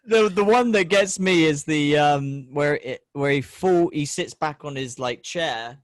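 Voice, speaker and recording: A man's voice: on the high side, unhurried, no echo. Man telling rambling, sweary stories. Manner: swears a lot, rambling storytelling with animated voices. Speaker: podcast host. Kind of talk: casual chat.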